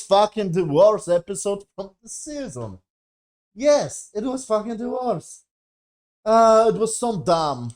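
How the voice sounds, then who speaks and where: A man with a slightly raised pitch reviews a TV episode in a loose, rambling rant. He swears constantly and sounds exasperated, piling on fillers between points. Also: very animated, slow pace, a little mellow. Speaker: TV show reviewer.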